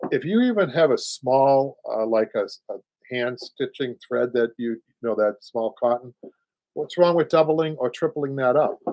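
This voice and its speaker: A man in his sixties with a Boston accent, hosting a live upholstery show. He talks in a chatty, halting way, restarts often and laughs a lot. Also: medium pitch, expressive, darkish tone, no echo, rough recording. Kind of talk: live-stream talk and teaching.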